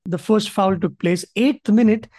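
A man's voice: high voice, measured pace, warm tone. A man with a Maharashtrian Indian English accent co-hosting a casual chat, slipping into Hindi. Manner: chatty, switches into Hindi. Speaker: podcast co-host.

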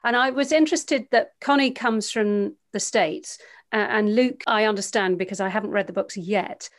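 A woman interviewer with a voice of ordinary pitch. She asks an author thoughtful, measured questions and sums up what she has read.

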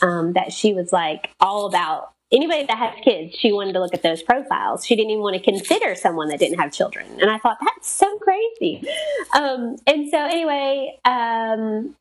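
A woman, telling a personal story in casual chat, lively and acting out quoted voices. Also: mid-range voice. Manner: animated, quotes herself and others.

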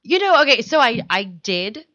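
A woman co-host on a comedic podcast, chatting casually and cutting in with quick jokes. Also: fairly high pitch, big pitch swings, sharp tone, no echo. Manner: quick, joking interjections. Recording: dull dry lo-fi sound.

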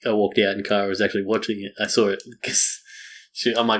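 A man's voice: on the low side, steady tone, very fast, a bit bright. A man co-hosting a casual podcast, rambling and teasing with plenty of fillers. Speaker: podcast co-host. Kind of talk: casual chat.

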